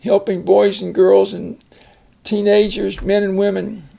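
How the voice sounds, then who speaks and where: Older male phonics tutor, gravelly fry, unhurried and patient. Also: sits high, little pitch movement, warm tone. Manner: slow, patient, explains word by word. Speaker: phonics teacher. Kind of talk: casual reading lesson.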